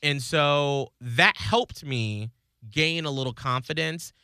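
A man hosts a radio morning show in casual on-air chat. His voice is bright and clean, recorded close and dry. He tells stories earnestly and voices the people he quotes. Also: fairly high pitch, takes it slowly, clean tone, dry recording. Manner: earnest storytelling, acts out quoted lines.

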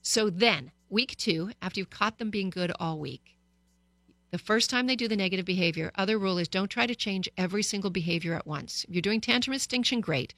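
Woman radio host, bright dry studio voice, chatty advice to listeners. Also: mid-range voice, brisk, dry recording. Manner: lively, storytelling, direct to listeners. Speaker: radio talk show host. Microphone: studio microphone.

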